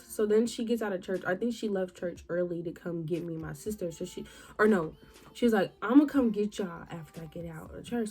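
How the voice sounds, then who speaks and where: An animated young woman tells a casual storytime, full of slang, and acts out her own past lines. Her voice sits at an everyday middle pitch, with faint music playing behind her. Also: husky. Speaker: vlogger.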